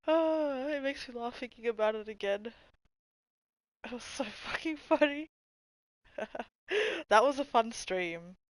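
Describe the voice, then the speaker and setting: A young woman hosting a livestream, chatting casually with viewers in a low voice that people mistake for a man's, swearing and laughing often. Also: clean tone, dry recording, poor audio. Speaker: livestream host. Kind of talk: casual chat reading stream comments.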